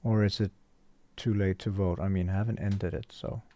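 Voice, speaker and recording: A man's voice: low-pitched, fairly even intonation, normal speed, dark tone. A man who runs a shop, chatting casually on a livestream, rambling and thinking aloud while reading the chat. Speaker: store owner livestreaming.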